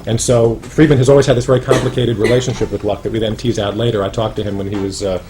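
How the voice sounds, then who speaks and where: A man's voice: on the low side, level tone, quick pace, background noise. A man giving an informal talk about his book to a small audience, chatty and wry, with many fillers and restarts. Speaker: author speaking at a roundtable.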